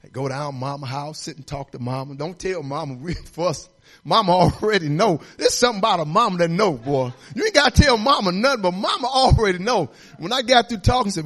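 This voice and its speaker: A middle-aged man preaching a sermon as assistant pastor, folksy and conversational, telling personal stories and rising to shouts. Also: high-pitched, moderate pace. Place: church sanctuary.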